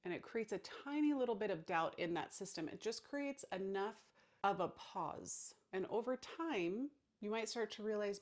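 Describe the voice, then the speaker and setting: Soft-spoken woman giving calm self-help advice. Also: medium pitch. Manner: calm, slow and gentle, drops to a soft hush on key phrases. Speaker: therapist and burnout coach. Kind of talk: reflective self-help talk to camera.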